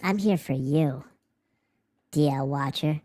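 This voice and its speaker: A man's voice: a little high, normal speed. A man hosting a livestream, ranting in a profane, sarcastic and rambling way through a voice changer. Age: adult, married. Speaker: livestream host. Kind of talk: casual livestream chat.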